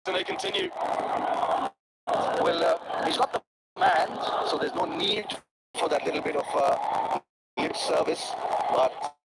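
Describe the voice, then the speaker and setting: A man giving live cricket commentary, excitable and swooping on the big moments. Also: sits high, slow, creaky, pauses often. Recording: loud background noise over commentary.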